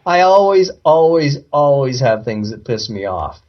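A man's voice: mid-range voice, sing-song, measured pace, faint music behind. A man co-hosting a podcast, chatting casually with a wry, laughing manner. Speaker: podcast co-host. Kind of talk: casual chat. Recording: dull lo-fi podcast audio.

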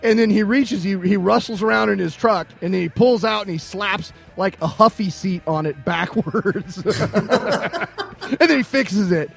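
A man with a high-pitched voice tells a rambling personal story on a podcast. He acts out both sides of the conversation and laughs along the way. Faint music plays underneath. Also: unhurried, gravelly, breathy edge. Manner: animated anecdote, mimics other people's lines, laughs often. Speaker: podcast co-host. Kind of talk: casual storytelling.

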